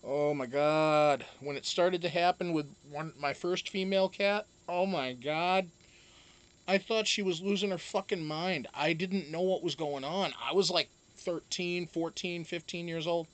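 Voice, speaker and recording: A young man, a reality show houseguest, telling a casual story in a profane, animated way. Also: on the high side, unhurried.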